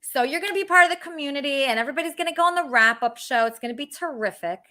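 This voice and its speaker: High bright-voiced woman hosting. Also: expressive, rapid-fire. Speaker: host. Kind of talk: comic interview.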